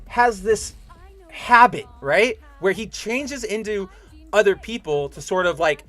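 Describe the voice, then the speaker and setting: A man hosting a casual review show, animated and profane, acting out scenes in mock voices. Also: sits high, unhurried, soft background music. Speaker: podcast host.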